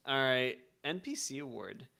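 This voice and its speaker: A man's voice: mid-range voice, very animated, normal speed, vocal fry, sharp tone. Male podcast co-host, easygoing and giggly, hesitant restarts. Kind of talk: casual chat about a video game.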